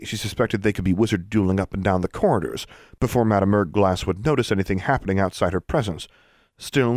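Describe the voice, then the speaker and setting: A man narrating a fantasy story in steady, scripted storytelling. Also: on the low side, dry recording, clean studio sound. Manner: steady storytelling, lively intonation. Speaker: audiobook narrator.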